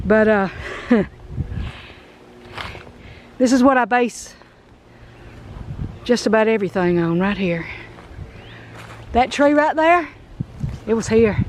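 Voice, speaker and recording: A woman's voice: fairly high pitch, lively intonation, takes it slowly, long pauses, darkish tone, a little hiss or hum. A middle-aged woman with a Southern US accent, chatting folksy and emotional as she walks through an old house for her vlog. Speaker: vlog host. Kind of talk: casual vlog walkthrough. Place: outdoors at an abandoned house.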